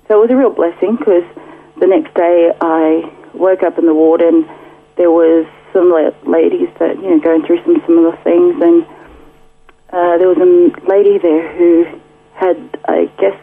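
A woman's voice: fairly low pitch, slightly rough. A woman casually telling her faith story as a radio guest, chatty, full of fillers, with frequent laughs. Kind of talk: casual testimony. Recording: muffled phone line.

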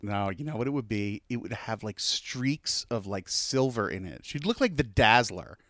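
A man's voice: fairly low pitch, expressive, moderate pace, a bit bright, no room sound, studio quality. A man co-hosting a podcast, chatting casually and rambling about a TV episode with lots of fillers. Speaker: podcast co-host.

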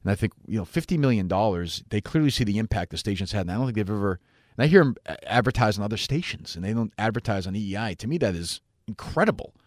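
Animated, rambling low-voiced man. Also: fast talker, no room sound, clean studio sound. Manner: rambling and profane, with frequent fillers and wide swings in pitch. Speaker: podcast host. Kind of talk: casual monologue answering listener mail.

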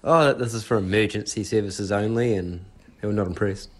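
Kiwi dad rattling off his story fast, lowish voice, chuckling. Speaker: caller.

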